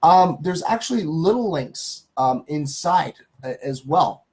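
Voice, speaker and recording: A man's voice: on the high side, expressive, a little slow, darkish tone. A man hosting a live stream, casually reading good-news stories aloud and greeting viewers in the chat, with many ums and uhs.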